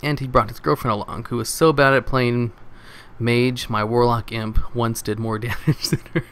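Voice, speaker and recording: A man's voice: medium pitch, fairly even intonation, moderate pace, a bit bright, a little hiss or hum. A man reading forum stories aloud in a casual way, chuckling and adding his own short comments between them. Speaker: reddit story reader.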